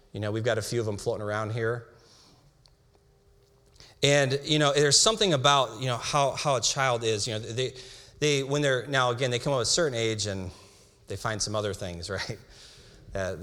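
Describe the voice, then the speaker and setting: A young man preaching a sermon, reading scripture slowly with emphasis and breaking into casual asides. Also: medium pitch, a bit bright. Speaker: pastor. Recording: hall reverb.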